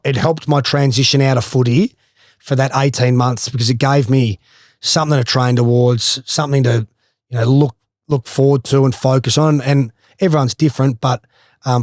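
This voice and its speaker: A man's voice: medium pitch, dry recording, studio quality. A man with an Australian accent, a former footballer, casually telling a swimming story with laughs and swearing. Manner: animated, swears freely, laughs through stories.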